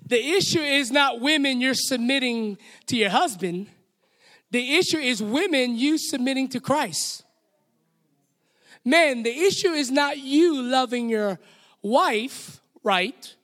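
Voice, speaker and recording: Man, Hawaiian accent, pastor, very high voice, call-and-response preaching, long hall reverb. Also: animated, slow pace, fairly bright tone. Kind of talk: sermon. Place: church sanctuary.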